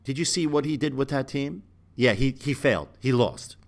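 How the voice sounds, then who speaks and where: A man's voice: mid-range voice, moderate pace. Casting: New host, man, argumentative, fiery delivery. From Brooklyn, New York. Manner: emphatic, argumentative, rhetorical questions. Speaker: sports commentary channel host. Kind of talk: opinionated basketball rant.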